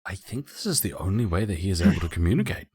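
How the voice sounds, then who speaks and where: A man voicing a formal, apologetic adventurer who calmly explains things to guards in a tabletop game. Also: low voice, fast talker, breathy edge, dry recording, clean studio sound, heavily acted. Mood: soothing. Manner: formal, soothing.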